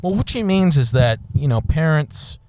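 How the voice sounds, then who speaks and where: Animated, high-voiced podcast host. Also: male voice, normal speed, no room sound. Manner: crude, animated, mimics others mid-story. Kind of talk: casual podcast storytelling.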